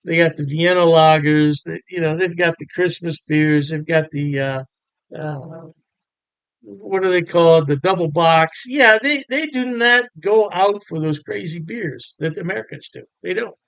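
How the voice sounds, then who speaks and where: A man's voice: fairly high pitch, normal speed, fairly bright tone, smooth, no room sound. A man giving a casual, chatty beer review to camera, upbeat and full of fillers.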